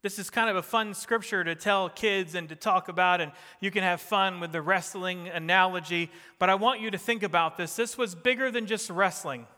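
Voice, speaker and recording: Middle-aged jersey guy preaching, bright ringing voice, big echoey church hall. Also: sits high, normal speed, hardly any pauses. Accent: New Jersey. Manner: preaching with rising emphatic bursts and soft drops. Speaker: pastor. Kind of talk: sermon.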